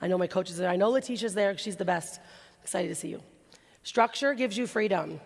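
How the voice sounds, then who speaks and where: A woman giving an energetic keynote talk on a conference stage, excitable and quick with asides. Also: lowish voice, vocal fry. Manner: excitable, laughs often, rapid asides. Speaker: keynote speaker. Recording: reverberant hall recording.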